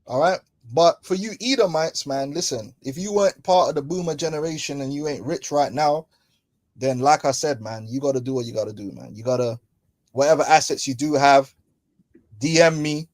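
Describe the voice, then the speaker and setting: A man's voice: on the high side, normal speed, dry recording. A man hosting a casual religious commentary, talking in slangy, mocking, preachy tones and laughing often. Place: London.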